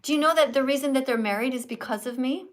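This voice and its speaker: A woman from Canada hosting a casual live stream, chatty and animated, quizzing guests in a teacherly way. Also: sits high, fast talker.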